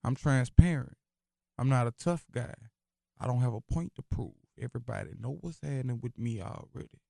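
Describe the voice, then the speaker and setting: Man, gravelly, emphatic and philosophical, radio studio guest, dry close mic. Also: mid-range voice, moderate pace, warm tone, no echo. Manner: emphatic, philosophical, repeats phrases like "you hear me". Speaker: rapper guest. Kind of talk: radio interview conversation. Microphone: studio microphone.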